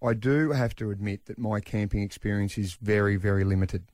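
A middle-aged man with an Australian accent, telling a story on breakfast radio in an animated way, close on a studio mic. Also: brisk, no room sound. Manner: animated yarn-spinning, jumps into high voices for quotes. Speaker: radio co-host.

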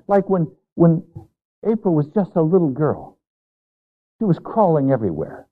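Guy preaching a bible sermon, kinda high voice, earnest and emphatic, sounds like a tinny phone line. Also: wildly swooping pitch, unhurried, husky. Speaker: pastor.

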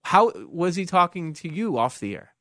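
A man's voice: sits high, big pitch swings, normal speed, a bit bright, no room sound. A man hosting a sports talk radio show, opinionated and wry, taking callers and reading texts in the studio. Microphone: studio microphone.

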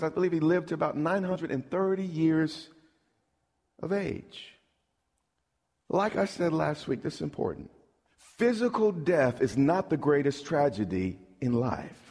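A man's voice: a little high, a little mellow. A middle-aged man preaching a sermon as pastor, emphatic and calling out questions to the congregation. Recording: long hall reverb.

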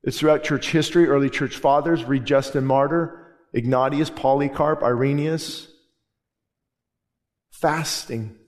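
A man's voice: medium pitch, steady tone, a little slow, pauses often. A man preaching a sermon as pastor in a church, fervent and emphatic, hammering home repeated phrases. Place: church sanctuary. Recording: long reverb of a large hall.

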